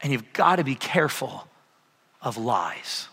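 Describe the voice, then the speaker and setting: A man in his thirties preaching a sermon as a pastor, telling stories with lively energy and asking the audience to raise their hands. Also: mid-range voice, unhurried, vocal fry, husky. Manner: animated storytelling, asks audience for raised hands. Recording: long reverb of a large hall.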